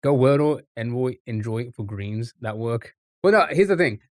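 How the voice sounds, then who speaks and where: A man streaming live, thinking aloud over a word puzzle with frequent pauses and restarts. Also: mid-range voice, animated, darkish tone, no room sound, studio quality. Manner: halting, restarts often, muses aloud.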